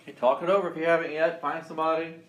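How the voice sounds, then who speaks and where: A man lectures a college chemistry class very fast, his fairly high, fairly bright voice delivered flatly, with the highs cut off in the recording. He's upbeat, quizzes students, and restarts frequently, while the classroom sounds roomy and faintly noisy.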